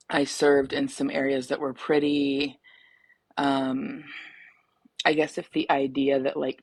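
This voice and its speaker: A woman in her thirties with a very low voice speaks slowly and carefully as she calls in. Her delivery stays calm and thoughtful. The sound is dry and close, with no room around it. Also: no room sound. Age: 30s. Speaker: caller. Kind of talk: casual storytelling.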